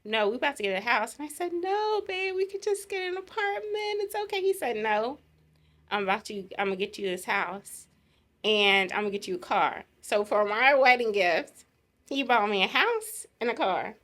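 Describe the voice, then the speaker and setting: A woman's voice: fairly high pitch, sing-song, moderate pace, a bit bright. A middle-aged woman casually telling the story of her engagement, laughing often as she goes. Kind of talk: casual chat.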